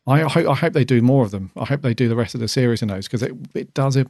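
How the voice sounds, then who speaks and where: Male podcast co-host, casual and rambling, creaky mid-pitched voice, dry sound. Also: quick pace, a little mellow, no room sound. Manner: chatty, rambling with many ums. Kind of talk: casual review chat.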